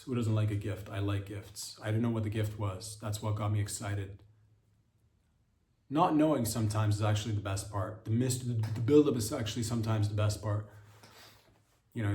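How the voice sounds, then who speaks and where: A man doing a rambling, profane comedic podcast monologue that jumps into excited, high-pitched asides. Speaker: podcast host. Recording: roomy echoey sound.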